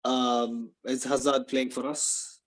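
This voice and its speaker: A man talking on a casual football podcast as a panelist, halting often as he searches for words. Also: medium pitch, little pitch movement, poor audio.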